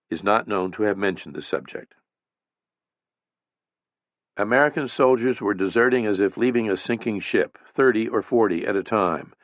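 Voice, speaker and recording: A man reading a history audiobook as a narrator, with a measured, even storytelling delivery. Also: on the low side, dry recording, muffled recording. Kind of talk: scripted narration.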